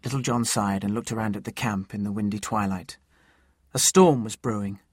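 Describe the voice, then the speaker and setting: A man narrating a storybook in a steady, measured reading. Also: lowish voice, breathy edge, dry recording, studio quality.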